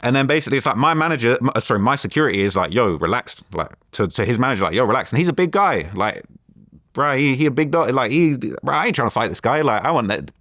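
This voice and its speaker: A young man, telling a story as an interview guest, lively and full of quoted dialogue and fillers. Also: medium pitch, quick pace, dry recording, studio quality.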